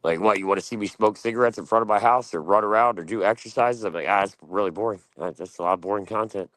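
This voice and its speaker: A man's voice: fairly low pitch, fast talker, fairly bright tone, dry recording, low-quality recording. A man streaming, ranting casually in a blunt, profane and boastful way.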